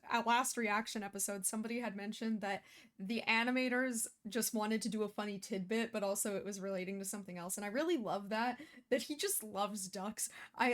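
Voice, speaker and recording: A woman hosting a reaction video, talking casually and emotionally, with many fillers and restarts. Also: a little high.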